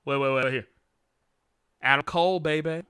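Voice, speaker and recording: A man hosting a livestream, chatting frankly and excitably, laughing often and swearing as he answers viewer questions. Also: on the high side, normal speed, clean tone, no room sound, studio quality. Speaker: livestream host.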